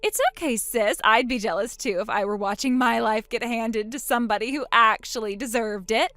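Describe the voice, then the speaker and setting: A woman's voice: on the high side, normal speed, fairly bright tone, no room sound, soft background music, close to an everyday voice. A woman voicing a boastful, spiteful young woman who mocks her sister in a text-story drama. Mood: gloating. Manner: smug, mocking, gloating.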